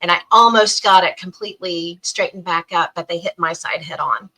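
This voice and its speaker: A middle-aged woman tells a long personal story on a podcast, voice bright and forward, pitched a little low. She talks animatedly and slips into the voices of the people she quotes. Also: moderate pace, rough recording. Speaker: guest.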